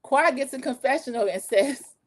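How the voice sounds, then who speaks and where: A woman in her forties hosting a casual livestream recap, gossipy and animated, talking straight to her viewers. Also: high voice, moderate pace. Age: 40s. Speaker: show recap host.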